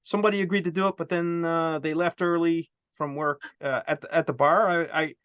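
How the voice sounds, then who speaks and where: A man chatting casually as co-host, telling stories in a rambling, animated way with many restarts. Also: a little high, brisk, clear, resonant tone, no echo, lo-fi sound. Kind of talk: casual chat.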